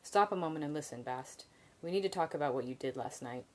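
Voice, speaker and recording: A calm, measured innkeeper, middle-aged and steady, as a woman reads him aloud. He speaks quietly and seriously in a low voice, unhurried and plain. It sounds like a storybook read aloud. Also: natural voice.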